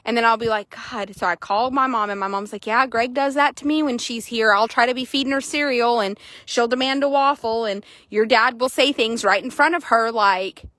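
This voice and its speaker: A young woman horse trader chatting casually outdoors at an arena, quick and loose, swearing now and then. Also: a little high, fairly bright tone, no room sound. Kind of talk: casual narration while riding.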